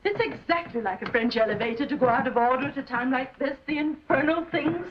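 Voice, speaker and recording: An actress playing a fussy, bossy spinster friend in a 1940s film, scolding and flustered. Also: female voice, sits high, fairly quick, dull audio, lightly acted. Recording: echoey, noisy old film soundtrack.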